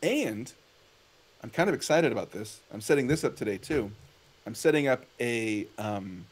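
A man hosting a casual chat, asking questions in an animated way. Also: medium pitch, normal speed, husky. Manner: animated, questioning, laughs often. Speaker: host.

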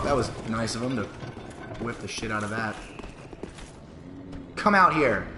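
A man giving live gameplay commentary, swearing and yelling at the game in sudden outbursts, with sarcastic self-mocking asides. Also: on the low side, slow pace, long pauses, background noise. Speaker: gamer streaming live. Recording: roomy with loud background sound.

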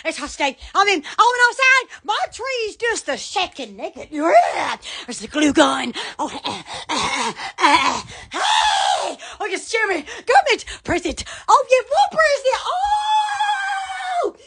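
A woman's voice: very high-pitched, big pitch swings, a little slow, creaky, hardly any pauses, sharp tone. A woman hosting a live stream, hyper and giddy, full of squeals, laughing and exclamations. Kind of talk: excited live-stream chat.

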